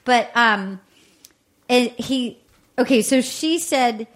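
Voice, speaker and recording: A woman hosting a casual podcast chat, excitable and quick to quote others. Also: on the high side. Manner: excitable, quotes people in put-on voices. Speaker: podcast host.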